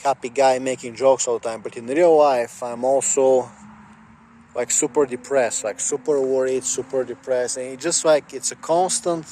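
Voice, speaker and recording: A man's voice: mid-range voice, fairly even intonation, moderate pace, warm tone, slight background noise. A man chatting casually and rambling with lots of fillers, recorded on a phone outdoors beside a car. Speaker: vlogger. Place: outdoors by a car, jump-starting it.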